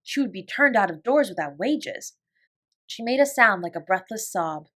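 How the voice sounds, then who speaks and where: A woman narrating a classic children's novel as a bedtime story, in an expressive storytelling voice. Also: mid-range voice, normal speed. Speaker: audiobook reader.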